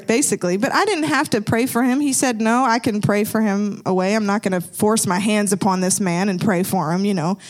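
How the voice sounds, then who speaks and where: A woman with a slightly higher voice tells a personal faith testimony in a casual podcast chat. She talks in an animated, rambling way, often laughing and restarting her sentences.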